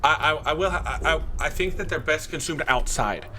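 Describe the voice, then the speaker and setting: A man's voice: fairly high pitch, a little fast, sharp tone, slight background noise. A man playing in a tabletop game, rambling and stammering as he pleads. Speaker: player.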